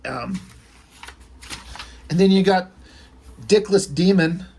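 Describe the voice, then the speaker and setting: A man's voice: sits high, slow, darkish tone, breathy edge. A man reviewing a comic book in a casual vlog, ranting with profane exasperation.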